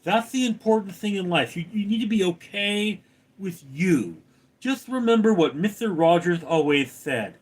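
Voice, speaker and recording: His voice sits high and sounds slightly rough as this man hosts a relaxed livestream at normal speed. Animated throughout, he reads the chat aloud and answers with wry humor.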